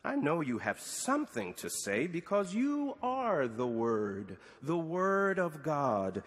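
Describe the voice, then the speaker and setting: A middle-aged man preaching a sermon framed as a prayer to God, with slow deliberate pauses and rising questions. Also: a little high, very animated, big-room sound.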